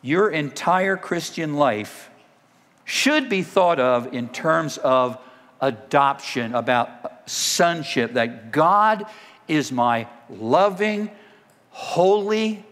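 A man preaching a sermon as the church's pastor, now and then breaking into loud dramatic cries when he acts out a scripture scene. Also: on the high side, animated, very slow. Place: church sanctuary. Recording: long reverb of a church hall.

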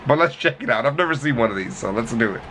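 A man's voice: mid-range voice, lively intonation, quick pace, a bit bright, slight background noise. A man hosting a reaction video, talking in a profane, joking way from a hot room at home. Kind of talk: casual commentary.

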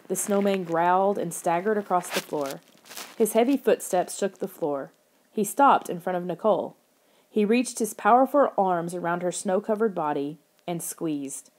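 A woman narrating a children's horror audiobook in the first person, steady and expressive. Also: lowish voice, moderate pace.

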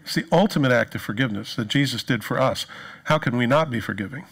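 A man preaches as pastor, telling stories vividly and impersonating those he quotes. His mid-range voice moves fast, carrying vocal fry and a breathy edge.

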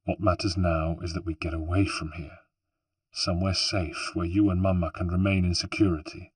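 A resolute young man gives firm, urgent orders to keep his family safe, voiced by a male narrator. The voice is deep and a little husky, recorded close and dry. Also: flat delivery, normal speed, no room sound, far from the mic.

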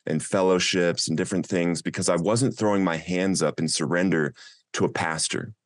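A man's voice: low voice, fairly even intonation, normal speed, dry recording, clean studio sound. A man, a podcast guest, telling his own recovery story in an earnest, heartfelt way.

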